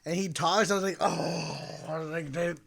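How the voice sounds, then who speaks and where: A man's voice: a little high, steady tone, normal speed, vocal fry, a bit bright. A young man co-hosting a casual podcast, laid-back and casually profane, saying dude a lot. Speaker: podcast co-host. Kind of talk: casual chat.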